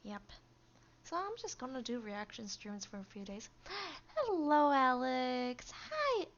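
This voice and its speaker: A woman's voice: high voice, big pitch swings, measured pace, muffled recording. A woman streamer chatting casually on a live stream, rambling and easily amused.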